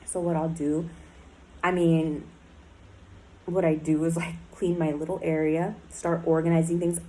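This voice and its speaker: A woman's voice: sits low, flat delivery, measured pace, mellow, a little hiss or hum, rough recording. A woman in a recovery program speaking in a candid personal diary talk, blunt and emotional, swearing often and filling her speech with "like" and "um".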